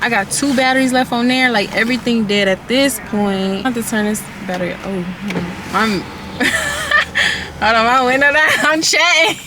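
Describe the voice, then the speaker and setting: A woman vlogging casually to her phone from her car, chatty and quick to laugh. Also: fairly high pitch. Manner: chatty, laughs often, loose and playful. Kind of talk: casual vlog chat to camera. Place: in a car at drive-thrus. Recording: noisy car with traffic around.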